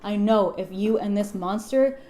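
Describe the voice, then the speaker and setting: A woman's voice: medium pitch, moderate pace, mellow, echoey room, close to an everyday voice. Figure: a woman playing a frazzled, swearing young scientist. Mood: defiant. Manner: slangy, swearing, curt. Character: anxious, secretive young male scientist, always on edge.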